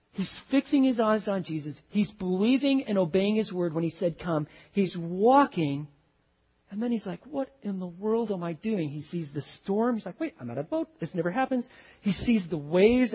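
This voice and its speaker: A man preaching a sermon, telling a story with animated swings from loud exclaims to hushed, tender lines. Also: sits high, husky, muffled recording. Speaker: pastor.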